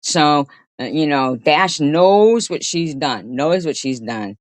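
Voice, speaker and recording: A woman's voice: low-pitched, expressive, takes it slowly, dry recording. A woman livestreamer giving rambling, indignant, profane commentary to her chat.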